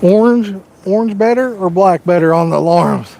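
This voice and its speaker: High-voiced joking Southern man. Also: normal speed, gravelly, warm tone. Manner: folksy, joking, corny one-liners. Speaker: fishing livestream host. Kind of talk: casual live-stream chat. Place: outdoors by the water.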